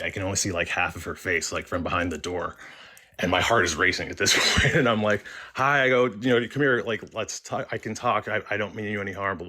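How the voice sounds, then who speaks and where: A young man with a very low voice and a bright, forceful tone tells his own story in a casual way. He halts often and restarts his sentences, filling the gaps with likes and ums. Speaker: caller sharing a story. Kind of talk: casual first-person storytelling.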